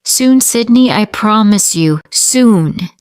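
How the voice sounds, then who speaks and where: A woman's voice: mid-range voice, expressive, slow, a little mellow, smooth, dry recording, pitched above the performer's own voice. Woman doing a worried, protective mother. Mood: urgent pleading. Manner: pleading and protective. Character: worried, secretive middle-aged mother.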